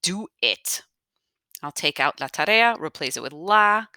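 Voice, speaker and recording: A woman's voice: on the low side, animated, a little slow, bright, forceful tone, no room sound, studio quality. A woman teaching a grammar lesson step by step, patiently explaining aloud as she marks up her notes. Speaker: Spanish teacher.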